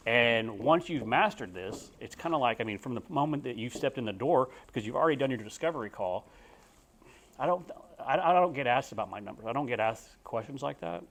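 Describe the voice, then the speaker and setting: A man's voice: medium pitch, animated, brisk, a bit bright. A young man with a Texan accent, a real estate agent teaching a class in a folksy, rambling way with frequent restarts. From Texas. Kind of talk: casual spoken class talk.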